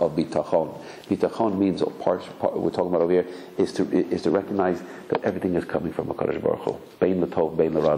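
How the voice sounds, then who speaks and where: Fast-talking, low-voiced rabbi. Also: male voice, dark tone, a little hiss or hum, rough recording. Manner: mixes Hebrew terms, acts out quoted voices. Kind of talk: Torah lecture.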